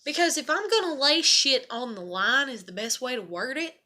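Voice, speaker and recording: Blunt, bright-voiced woman rambling. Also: high voice, expressive, moderate pace. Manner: rambling and profane, many fillers. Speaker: vlogger. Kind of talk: casual confessional monologue. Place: her own apartment.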